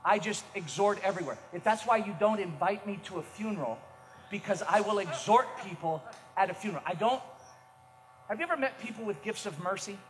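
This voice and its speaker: A middle-aged man preaching a sermon as a pastor, telling self-mocking stories with energy and bursts of shouting. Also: high voice, lively intonation, fairly quick. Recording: echoey hall, faint noise.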